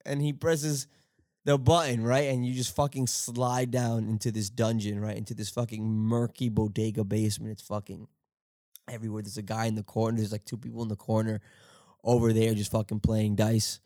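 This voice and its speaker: A young man hosting a podcast, talking in a halting, profane, rambling monologue and laughing often. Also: lowish voice, flat delivery, warm tone, no echo, clean studio sound. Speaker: podcast host.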